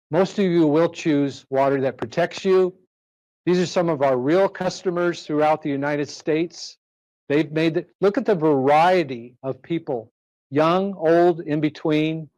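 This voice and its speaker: A man with a voice on the higher side of average delivers a live sales pitch to a roomful of people. He talks persuasively, repeating prices and throwing rhetorical questions out to the crowd for answers. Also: darkish tone. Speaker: sales presenter. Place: presentation room with a live audience.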